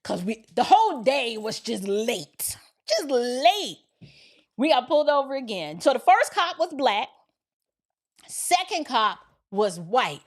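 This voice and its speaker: Lively, animated woman telling stories. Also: on the high side, slow pace. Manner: animated storytelling, acting out dialogue; colloquial, emphatic. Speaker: commentary channel host. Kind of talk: casual livestream commentary.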